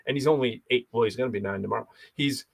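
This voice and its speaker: A podcast co-host chats casually and animatedly, telling stories and acting out quoted voices. He talks fast in a mid-range voice with vocal fry.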